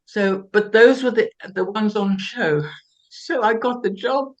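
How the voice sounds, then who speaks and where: An older woman from South Africa, a guest telling lively, self-mocking stories with laughs and many restarts. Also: mid-range voice, measured pace, muffled recording. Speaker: interview guest. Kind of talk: anecdotal storytelling interview.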